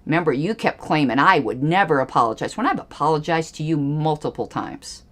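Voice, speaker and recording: A woman's voice: low-pitched, lively intonation, fairly quick. A woman hosting a livestream, giving angry, emphatic political commentary with pointed repetitions. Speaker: livestream host.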